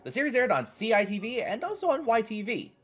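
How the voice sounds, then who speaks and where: A man's voice: very high-pitched, very animated, quick pace, a bit bright, soft background music. A man narrating a scripted retrospective about children's television in a wry, playful way. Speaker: host of a retrospective show.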